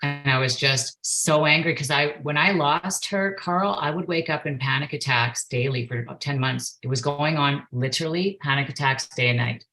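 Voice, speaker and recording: A woman with a low, grounded voice speaks as an interview guest in her forties. She is earnest and heartfelt, and at times she acts out her past outbursts as she tells a personal story. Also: normal speed, hardly any pauses, bright, forceful tone, low-quality recording. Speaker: guest, perception facilitator and yoga instructor.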